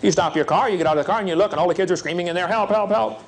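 A man's fairly high voice preaches to a youth seminar, folksy and urgent. He acts out little scenes with lively swings in pitch. A faint hiss sits under the recording. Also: rapid-fire. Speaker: evangelist speaker.

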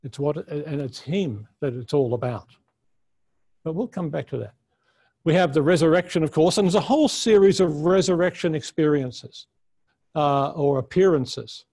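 A man teaches a conference session on the Bible with a somewhat high voice. His delivery is earnest and unscripted, and he often restarts his sentences as he works out his point. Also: moderate pace, darkish tone, husky. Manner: earnest, thinks aloud with frequent restarts and fillers. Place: conference room.

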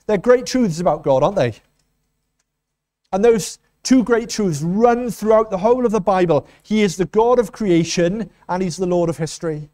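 Male preacher, higher voice with a warm, dark tone, earnest sermon delivery. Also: normal speed. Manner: earnest expository preaching with rhetorical questions. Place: church.

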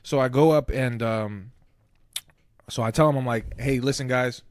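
A man's voice: medium pitch, measured pace. A man co-hosting a podcast, telling stories in casual chat with lots of swearing and quoted dialogue. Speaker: podcast co-host; former casino security worker.

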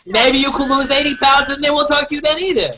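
A man hosting a comedy web show, teasing his guests with jokey, loud asides over a video call. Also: very high voice, quick pace, a crowd in the background. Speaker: host. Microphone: video call mic. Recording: dull lo-fi video call audio.

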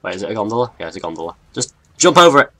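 Chatty English gamer with a mixed accent. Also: male voice, on the low side, rapid-fire. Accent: mixed northern and southern English. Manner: chatty, rambling, excitable. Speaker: gaming YouTuber. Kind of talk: let's play commentary.

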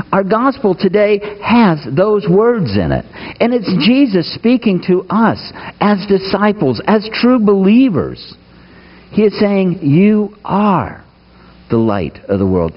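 Male pastor preaching, voice jumps up and down a lot, kinda higher pitched, muffled lo-fi recording. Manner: emphatic, with rhetorical questions to the congregation. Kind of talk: sermon. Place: church sanctuary.

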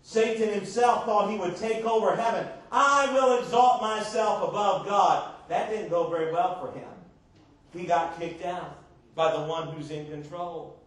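Male pastor, emphatic sermon delivery, high voice, far from the mic in a booming echoey church. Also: steady tone, moderate pace. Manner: emphatic preaching with rhetorical questions to the congregation.

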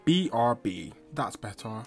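A man's voice: mid-range voice, big pitch swings, measured pace, soft background music. A young man hosting his gaming channel, chatting casually through the game, flustered and making fun of himself. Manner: chatty, flustered and self-mocking.

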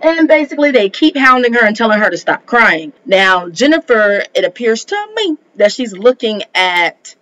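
A woman's voice: fairly high pitch, big pitch swings, normal speed, few pauses, a bit bright, highs cut off. A woman recapping and reviewing a reality TV show, chatty and opinionated, talking straight to her viewers. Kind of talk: casual recap and commentary.

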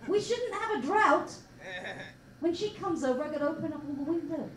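A woman's voice: very high voice, expressive, brisk, roomy sound, distant mic, crowd noise, low-quality recording. A woman with an English accent doing a stand-up set, full of dry, mock-sweet sarcasm. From England and Israel. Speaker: stand-up comedian. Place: small comedy bar stage.

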